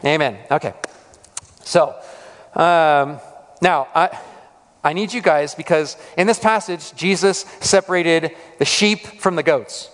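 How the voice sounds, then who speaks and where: High-voiced man preaching in reverberant hall. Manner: conversational, lots of fillers and restarts. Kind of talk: sermon story. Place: church hall.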